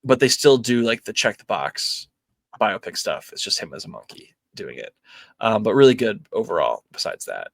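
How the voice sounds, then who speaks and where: A man's voice: fairly low pitch, moderate pace, gravelly, dry recording. A young man hosting a movie podcast, chatting casually with lots of ums and likes. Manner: relaxed, filler-heavy, many ums and likes. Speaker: podcast host. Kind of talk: casual movie review chat.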